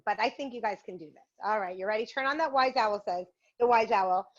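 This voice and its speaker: A woman's voice: medium pitch, a little fast. Upbeat woman teaching on a video call. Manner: upbeat, encouraging, playful. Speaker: yoga and mindfulness instructor. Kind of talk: guiding a virtual class through poses and a game. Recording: muffled video-call audio.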